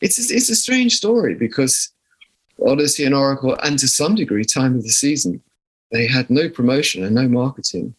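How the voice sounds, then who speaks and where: Speaking at a normal pace in an animated, mid-range voice, this older southern English musician is a guest in a conversational interview. He reminisces through stories, frequently breaking off and starting his sentences over.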